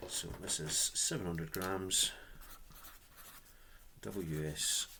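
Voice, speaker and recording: A man's voice: low voice, steady tone, drawn-out words. A man chatting casually as an online book seller, talking while he packs an order. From United Kingdom. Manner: chatty, easygoing, talks while working with his hands. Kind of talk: casual vlog narration while packing. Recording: loud background noise with clicks.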